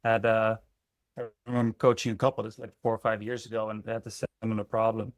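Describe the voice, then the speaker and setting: A man's voice: on the low side, flat delivery, fast, no echo, clean studio sound. Blunt, profane man coaching. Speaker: relationship coach. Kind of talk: candid interview conversation.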